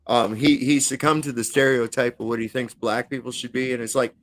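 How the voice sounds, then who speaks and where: A man's voice: medium pitch, steady tone, fairly quick, fairly bright tone. A man talking bluntly and profanely in a casual livestream chat over a video call, with frequent fillers and restarts.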